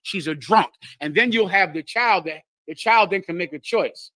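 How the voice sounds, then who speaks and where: A man's voice: high-pitched, moderate pace, pushed and bright, dry recording. A man teaching scripture to a group, lecturing emphatically and acting out the voices he quotes. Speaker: religious teacher.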